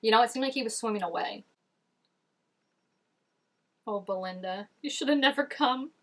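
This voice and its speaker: A woman hosts a reaction video, chatting casually as she responds to scenes and peppering her speech with "like." Her voice is on the high side and a bit bright, at a normal speed.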